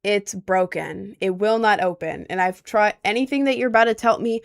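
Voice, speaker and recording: A woman's voice: medium pitch, moderate pace, vocal fry, hardly any pauses. A woman of about twenty from Maryland, chatting casually on a livestream and answering chat with lots of ums. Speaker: livestream host.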